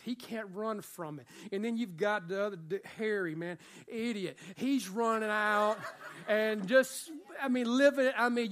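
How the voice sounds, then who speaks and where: A man preaching a sermon as pastor, emphatic, swinging between loud passages and hushed ones, with casual slang asides. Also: sits high.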